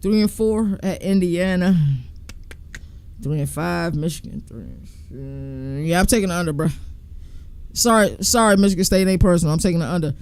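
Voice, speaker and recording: A man's voice: sits high, normal speed, darkish tone, clear, resonant tone. A man hosting a sports podcast, talking casually and in slang while he thinks aloud and counts through team schedules.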